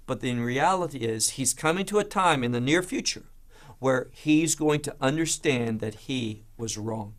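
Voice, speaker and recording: A man with a medium-pitched voice and moderate pace leads a verse-by-verse Bible study. He delivers it emphatically, posing rhetorical questions and then answering them himself.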